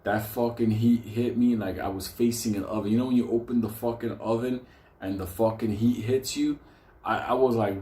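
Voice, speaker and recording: An older man telling a profane, animated story, acting out quotes. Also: mid-range voice, moderate pace. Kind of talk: casual spoken storytelling. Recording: roomy echo.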